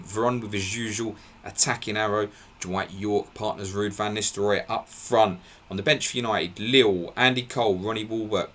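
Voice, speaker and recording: A man hosting a live football podcast, briskly reeling off team line-ups and laughing at his own slips. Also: lowish voice, a bit bright. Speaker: podcast host.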